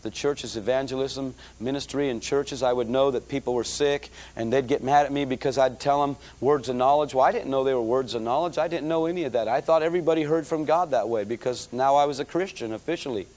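A middle-aged man preaching, telling his conversion story in a lively storytelling manner and calling the audience folks. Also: mid-range voice, fast talker, hardly any pauses. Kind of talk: testimony sermon.

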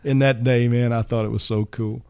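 A man's voice: medium pitch, fairly even intonation, normal speed, a little mellow, clean tone, no echo. An older man, a songwriter, telling a rambling anecdote on a radio show in an easygoing way, full of fillers and "man". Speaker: songwriter and guest. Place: radio studio.

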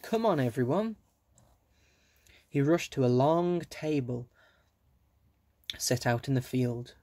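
A man reading a children's book aloud, gently, with small asides to his listeners. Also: mid-range voice, dry recording. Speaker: reader.

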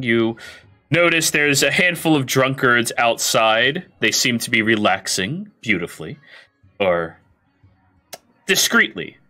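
A man narrating as game master of a tabletop game, describing scenes in an animated way. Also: mid-range voice.

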